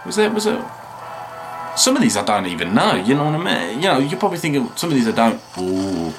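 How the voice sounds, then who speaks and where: A tired man hosting a video reaction, rambling and chatting with frequent excited remarks and laughs. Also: medium pitch, fast, music in the background. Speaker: reaction channel host. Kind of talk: casual video reaction commentary.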